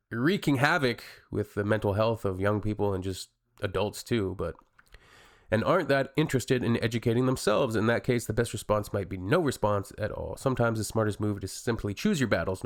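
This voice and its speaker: Blunt, chatty man with a lowish voice. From Canada. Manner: blunt, chatty, addresses viewers. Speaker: reaction video host. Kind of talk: casual reaction commentary.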